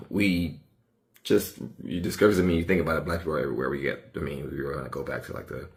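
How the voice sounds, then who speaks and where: A man's voice: very deep voice, gravelly, fairly bright tone. A man thinks aloud in a rambling, hesitant way, in casual social media commentary. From United States.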